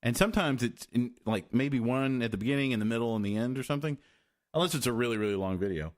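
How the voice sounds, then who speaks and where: A man hosting a podcast in casual chat, rambling and halting with lots of fillers and restarts. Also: mid-range voice. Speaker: podcast host.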